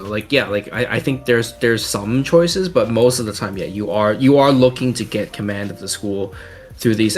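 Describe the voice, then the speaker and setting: A young man co-hosting a podcast, chatting casually in a rambling, filler-heavy and teasing way. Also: on the low side. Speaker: podcast co-host. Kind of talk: casual chat.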